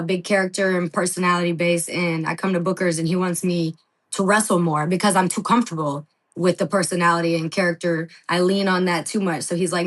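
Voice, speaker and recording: A woman wrestler talking casually on a podcast, telling animated stories, acting out quotes, laughing and swearing freely. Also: lowish voice, low-quality recording. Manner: lively storyteller, acts out quotes, laughs, swears. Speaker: wrestling guest.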